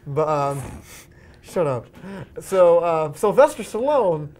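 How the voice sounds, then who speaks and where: A man's voice: on the high side, very animated, takes it slowly, a little mellow. A man hosting a casual movie podcast, eager and chatty, steering the talk and asking the others for their views. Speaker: podcast host.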